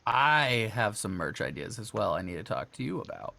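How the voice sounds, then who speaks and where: A man's voice: on the low side, big pitch swings, normal speed, vocal fry, sharp tone, no room sound. A man who is ill, chatting casually and giggling before a tabletop game. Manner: bubbly, giggly. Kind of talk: casual chat.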